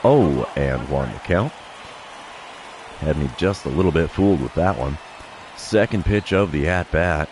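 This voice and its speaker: A man streaming a baseball video game, calling each pitch like an announcer with dry self-deprecating asides. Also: lively intonation, measured pace, pauses often, a little mellow, slight background noise. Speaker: gaming streamer. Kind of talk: play-by-play commentary of his own video game.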